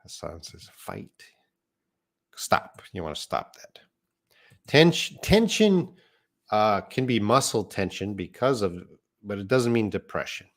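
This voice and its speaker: A man teaching English live, with a deep, low voice. He talks slowly and patiently, going over words one at a time and answering questions from the chat. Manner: slow, patient explaining of words, reading viewer comments aloud. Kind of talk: live online English lesson.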